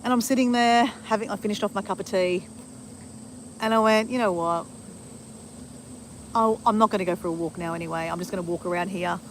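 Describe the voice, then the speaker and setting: A woman's voice: mid-range voice, fairly quick, long pauses, a little hiss or hum, low-quality recording. Chatty woman outdoors. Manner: chatty, rambling, often adds "right?". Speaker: live streamer. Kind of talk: casual live-stream monologue. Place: outdoors at a bushland cemetery.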